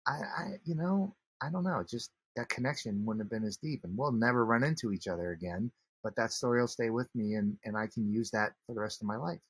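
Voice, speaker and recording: A man, a guest on an interview podcast, telling a personal story earnestly, with many halting restarts. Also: mid-range voice, slightly rough, no echo.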